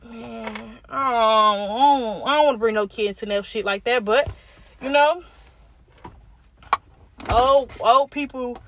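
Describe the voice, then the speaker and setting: A woman's voice: fairly high pitch, a bit bright. A woman of about twenty hosting a podcast alone, ranting angrily and bluntly with heavy swearing. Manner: angry, profane, blunt. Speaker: podcast host. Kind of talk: casual solo rant.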